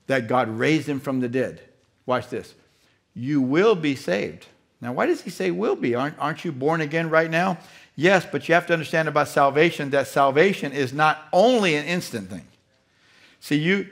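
A man's voice: a little high, fairly bright tone. A male pastor preaching a sermon. He speaks emphatically, repeats key phrases and puts questions to the congregation.

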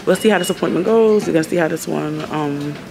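A woman's voice: low-pitched, fast, vocal fry, a crowd in the background, low-quality recording. A woman vlogging from a doctor's office into a phone held close, rambling and giggly, sometimes half-whispering. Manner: rambling, giggly, self-mocking; talking half-whispered at times. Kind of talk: casual vlog chat.

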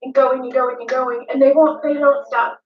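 A woman's voice: sits high, flat delivery, moderate pace, distant mic, close to an everyday voice. A woman playing a dramatic female influencer, ranting emotionally at her critics with repetition and swearing. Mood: pleading. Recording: dull, echoey room, mic set back.

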